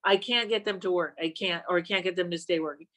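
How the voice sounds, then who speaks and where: A woman who works as a psychic, appearing as a podcast guest and telling playful, animated stories in a chatty way. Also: fairly low pitch, quick pace. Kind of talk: casual conversational chat.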